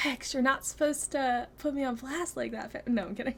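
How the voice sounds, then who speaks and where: A young woman streaming a game, chatting casually to her viewers, giggling and thinking out loud. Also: high-pitched, lively intonation, moderate pace, creaky. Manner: chatty, giggly, talks to chat and herself. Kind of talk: casual gameplay chat.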